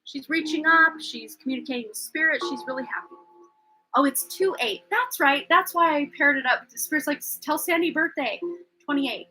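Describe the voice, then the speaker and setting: Woman tarot reader on a live stream; high, sharp-toned voice, chatty, rambling, pokes fun at herself. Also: brisk, faint music behind, poor audio. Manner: chatty and rambling, often unsure; self-deprecating, laughs at herself.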